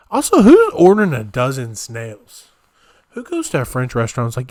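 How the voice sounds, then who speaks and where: A young man talks through a solo podcast in a small room at home. His voice sits at an ordinary middle pitch and rambles from one bit to the next, breaking into incredulous asides as he reads things aloud. The sound is close and dry, with no room echo. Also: wildly swooping pitch, brisk, darkish tone. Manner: rambling, incredulous, riffing while reading aloud. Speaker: podcast host. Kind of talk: solo comedic podcast rant.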